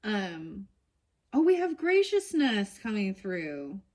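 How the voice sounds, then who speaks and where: A woman's voice: mid-range voice, very animated, slow, a little mellow. A middle-aged woman, a mother, chatting casually as she pulls and reads cards, rambling and saying "dude" and "you know" often. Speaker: tarot card reader. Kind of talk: casual card-reading chat.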